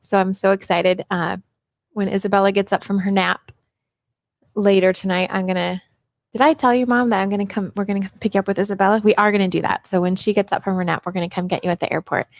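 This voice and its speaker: Middle-aged woman host, chatty live-stream Q&A, dry close mic, mid pitch. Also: fairly even intonation, fast talker, no room sound. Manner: chatty and upbeat, greets viewers by name. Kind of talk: casual live Q&A chat. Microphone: personal microphone.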